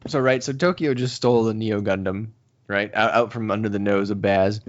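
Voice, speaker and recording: A man co-hosting a podcast in casual chat, recapping a story with animated retellings and quotes. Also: fairly low pitch, normal speed, highs cut off, a little hiss or hum. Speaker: podcast co-host.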